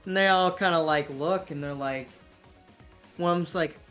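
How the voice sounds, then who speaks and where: Slow, swearing tabletop game master. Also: mid-range voice, fairly bright tone, soft background music. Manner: casual, profane, rambling.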